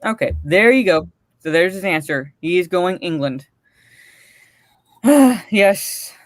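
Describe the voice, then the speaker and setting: A woman's voice: fairly low pitch, slow pace, dry recording, studio quality. A woman co-hosting a live stream, ranting and cursing, then greeting viewers in the chat one by one.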